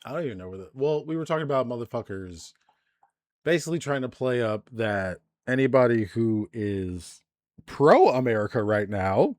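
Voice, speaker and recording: A man's voice: medium pitch, lively intonation, moderate pace, a little mellow, no room sound. Profane ranting male streamer, dry close sound. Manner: profane ranting with frequent restarts. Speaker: streamer host. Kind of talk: live-stream commentary.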